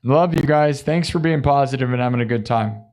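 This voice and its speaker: A man's voice: medium pitch, brisk, darkish tone. Man, casual stream host, chatty, laughs a lot, mid-range voice. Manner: chatty, laughs often, acts out quotes. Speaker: live-stream musician host. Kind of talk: casual live-stream chat.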